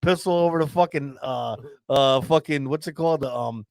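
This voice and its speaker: A man's voice: mid-range voice, normal speed, vocal fry, darkish tone, no echo. A man telling a rowdy story as a podcast co-host, swearing constantly and laughing as he rambles. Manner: profane, rambling, laughs often. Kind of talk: casual storytelling chat.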